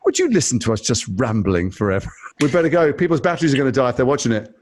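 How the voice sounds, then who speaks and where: A man's voice: mid-range voice, very animated, fast talker, darkish tone. Wry, self-mocking middle-aged man. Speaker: guest. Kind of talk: casual chat over a video call.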